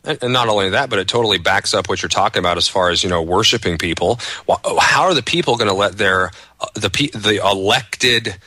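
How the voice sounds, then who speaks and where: A man speaking as a guest on a talk radio show, in a casual, earnest manner with some halting restarts. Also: on the low side, pushed and bright, no echo. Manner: earnest, agreeing, sometimes halting.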